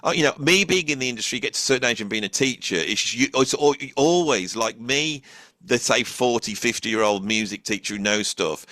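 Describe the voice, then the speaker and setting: Bright-voiced British man, halting talk. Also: medium pitch, no room sound. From England. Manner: rambling, halting, many restarts. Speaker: host, drummer and music teacher. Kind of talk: casual podcast conversation.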